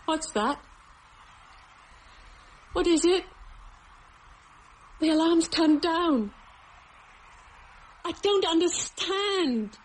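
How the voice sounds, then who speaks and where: A woman's voice: extremely high pitch, very slow, long pauses, heavily acted. An actress playing a nervous young mother alone at night, with a British accent, muttering to herself in a radio drama. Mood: jittery muttering. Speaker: radio play lead.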